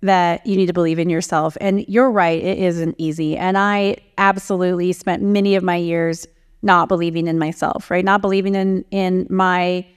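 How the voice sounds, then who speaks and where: A woman executive talks through her leadership lessons with candor and a willingness to criticize herself. Her voice sits a little low and comes across smooth and resonant. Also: flat delivery, normal speed. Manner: candid, reflective, self-critical. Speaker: CEO and author. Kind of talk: interview answers, storytelling.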